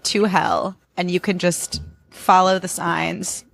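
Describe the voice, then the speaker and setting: A woman's voice: lowish voice, steady tone, takes it slowly, creaky. A woman hosting a podcast in casual chat, blunt and sarcastic, swearing freely. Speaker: podcast host.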